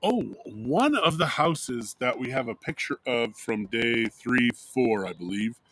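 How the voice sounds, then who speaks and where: Lively, bright-voiced tall-tale man. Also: mid-range voice, a little slow. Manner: playful tall-tale teller. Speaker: co-host. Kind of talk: casual livestream chat. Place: outdoors in direct sun.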